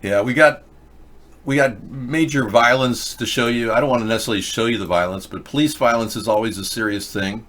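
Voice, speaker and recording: A man's voice: mid-range voice, fairly quick, a bit bright. An older man hosting a show, giving rambling, opinionated commentary on video clips with frequent restarts. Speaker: host.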